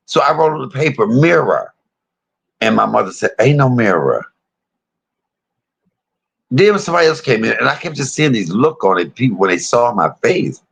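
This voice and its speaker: A man, casually telling a personal story to his viewers, animated, laughing often and swearing freely. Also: on the low side, vocal fry, breathy edge, poor audio.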